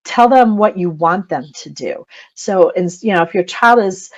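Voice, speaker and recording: A woman's voice: medium pitch, expressive, normal speed. A middle-aged woman coaching parents in a chatty webinar talk, laughing often and saying "you know" a lot. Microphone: computer mic on video call.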